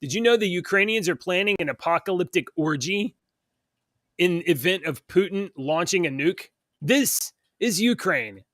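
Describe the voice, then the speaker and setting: Heated ranting man, higher voice, dry sound. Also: animated, moderate pace, fairly bright tone, dry recording. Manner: heated, scornful, reads news aloud then rants. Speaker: co-host of a morning talk show. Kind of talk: opinionated political rant.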